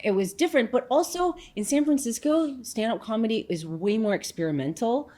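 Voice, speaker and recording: A comedian from New York, appearing as a guest in a casual interview, tells stories in a slightly high, slightly fast voice. She's animated and chatty, with lots of fillers and asides.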